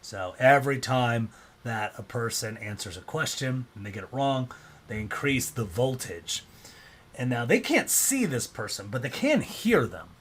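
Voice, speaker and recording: A man's voice: mid-range voice, sing-song, a little slow, a bit bright, breathy edge. A man presenting a casual explanatory talk, loose and conversational, often acting out quoted reactions.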